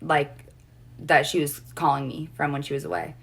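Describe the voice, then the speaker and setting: A woman's voice: sits low, little pitch movement, moderate pace, gravelly, breathy edge. A young woman telling a personal story in casual chat, rambling and earnest, with lots of fillers and restarts. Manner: emotional, earnest.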